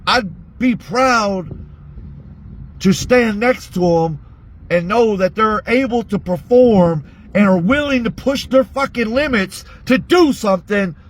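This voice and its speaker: A man ranting bluntly to his audience in a heated monologue, swearing constantly. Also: high-pitched. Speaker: vlogger.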